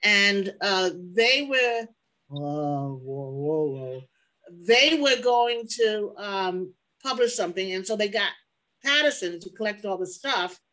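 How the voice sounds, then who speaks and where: An older woman recalling her mother in conversation, pausing often to search for words. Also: mid-range voice, bright, forceful tone, low-quality recording. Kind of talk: conversational recollection.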